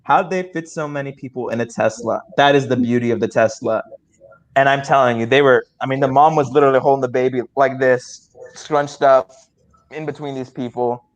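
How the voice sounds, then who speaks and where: Speaking a bit fast at a medium pitch, a young improviser recounts something funny on a video call. He's excited and all over the place, stuttering and restarting again and again.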